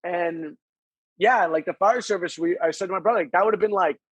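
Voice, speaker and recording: A man's voice: sits high, a little fast, husky, no room sound, poor audio. A man guesting on a podcast, telling a casual story in a rambling way, restarting sentences and acting out what people said. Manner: rambling, restarts sentences, acts out quoted dialogue; swears casually.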